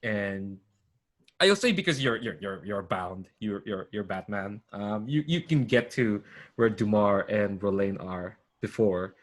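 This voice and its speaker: Low-voiced man running a tabletop game. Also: lively intonation, unhurried. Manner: rambling, full of fillers and restarts. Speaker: game master.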